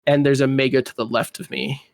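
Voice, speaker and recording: A man's voice: mid-range voice, level tone, a little fast, creaky, no echo. A man being coached, casually explaining his in-game choices, a little hesitant. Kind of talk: casual talk in a coaching session.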